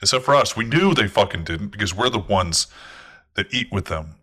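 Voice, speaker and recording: A man's voice: fairly low pitch, lively intonation, normal speed, bright, forceful tone. A man voicing an angry female vampire clan leader who swears bluntly and aggressively in a tabletop game. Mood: furious.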